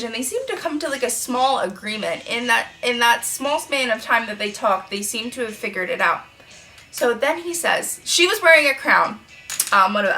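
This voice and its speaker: A woman in her twenties, a freelance makeup artist, telling a client story in a chatty, profane, animated way while doing her makeup. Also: a little high.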